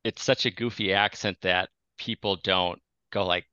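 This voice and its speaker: A man with a Minnesotan accent chatting about a movie on a podcast, lively and acting out quoted lines. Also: low voice, moderate pace, smooth, dry recording, lo-fi sound. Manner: animated, acts out quoted lines. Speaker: podcast co-host. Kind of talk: casual movie-discussion chat.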